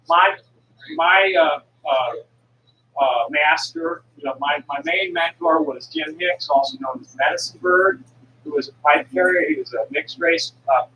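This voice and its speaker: A woman in her sixties who travels selling herbal medicine rambles on, digressing and restarting, blunt with the occasional curse. Her voice is lowish and a bit bright. Captured at a distance in an echoey room, the audio carries faint ambience and a little hiss or hum.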